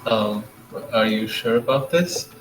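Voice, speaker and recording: A man's voice: on the low side, unhurried, reverberant, faint music behind, low-quality recording. A man taking part as a player in a tabletop game, speaking in a tentative, polite way.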